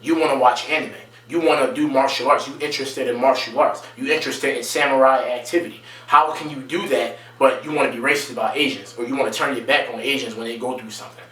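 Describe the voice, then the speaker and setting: Man, vlog rant, emphatic and repetitive, medium pitch, roomy off-mic sound. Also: fairly even intonation, fast, hardly any pauses, pushed and bright, recorded from a distance. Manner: emphatic, repetitive, rising to raised pitch when stressing points. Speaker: video creator. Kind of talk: impassioned monologue to camera.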